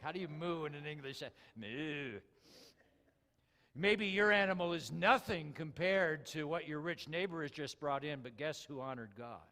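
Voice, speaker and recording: A man preaching a sermon, animated and full of rhetorical questions to the congregation. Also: on the high side. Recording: long hall reverb.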